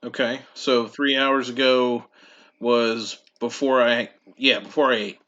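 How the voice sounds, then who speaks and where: An easygoing man co-hosting a podcast, rambling with self-deprecating humor. His voice is bright and tense, and the recording sounds a little dull and lo-fi. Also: medium pitch, fairly even intonation, a little slow. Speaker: podcast co-host. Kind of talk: casual chat.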